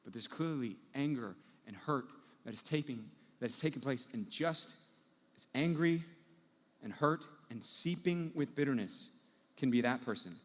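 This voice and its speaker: A man preaching a sermon as pastor, telling everyday scenes with lively acted-out moments. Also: medium pitch, moderate pace, long reverb tail. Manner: animated storytelling, acting out everyday scenes.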